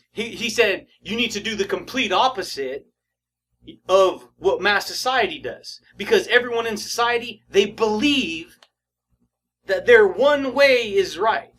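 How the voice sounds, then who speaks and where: A man's voice: high voice, a little slow, pushed and bright. A man giving a casual motivational talk, slangy and emphatic, often laughing and calling the listener buddy and baby. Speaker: motivational speaker.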